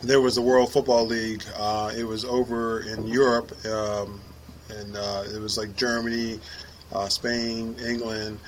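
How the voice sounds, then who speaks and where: A man's voice: on the low side, flat delivery, measured pace, slight background noise, rough recording. A man co-hosting a podcast, explaining things in an easygoing, laid-back casual chat. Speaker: podcast co-host.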